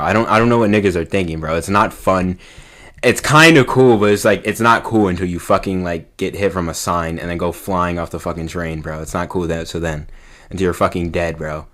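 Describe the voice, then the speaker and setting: A young New York vlogger with a very low, steady voice rants casually to camera about his city at a fairly quick pace. His talk rambles, full of fillers and profanity. He drops into quiet mumbling, then bursts out loudly.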